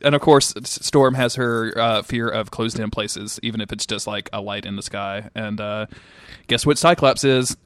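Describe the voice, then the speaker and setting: A man's voice: fairly low pitch, moderate pace, a bit bright, no room sound, clean studio sound. A man co-hosting a casual podcast, joking and laughing as he talks. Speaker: podcast co-host. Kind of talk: casual chat.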